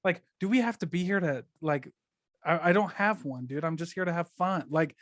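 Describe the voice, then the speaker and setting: A man's voice: a little high, moderate pace, a bit bright, no room sound, clean studio sound. A man chatting casually as a podcast guest, rambling and leaning on fillers as he talks. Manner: rambling, filler-heavy, laughs often. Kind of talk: casual conversational chat.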